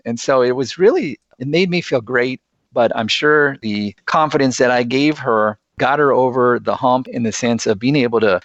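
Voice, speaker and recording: A man's voice: medium pitch, vocal fry, fairly bright tone, no room sound, muffled recording. A man speaking as a podcast guest, earnest and enthusiastic as he tells stories. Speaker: guest, sales executive. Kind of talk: podcast interview.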